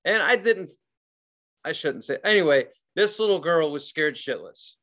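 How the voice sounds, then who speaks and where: A man co-hosting a podcast, telling a story in a casual, profane and animated way and acting out the people in it. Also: a little high, normal speed. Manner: profane, animated, acts out quoted voices. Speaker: podcast co-host.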